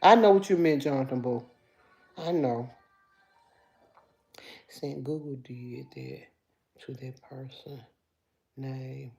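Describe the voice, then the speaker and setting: Low-voiced Memphis woman in her fifties. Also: slow, long pauses, dark tone, faint music behind. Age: 50s. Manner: chatty, addresses viewers as y'all. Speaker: livestream host. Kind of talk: casual chat reading viewer comments.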